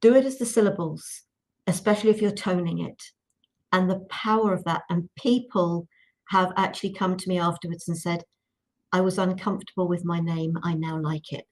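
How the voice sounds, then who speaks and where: A woman guest on a panel discussion, giving gentle, soothing instructions. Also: lowish voice, fairly even intonation, moderate pace.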